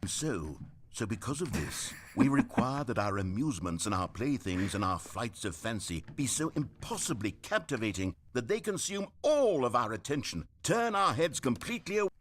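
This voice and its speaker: A brooding male game narrator speaks in a grave, measured way. His pitch sits in the middle range but swings widely across each sentence. It is scripted narration, wordy and philosophical. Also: sing-song, a bit bright, a little hiss or hum.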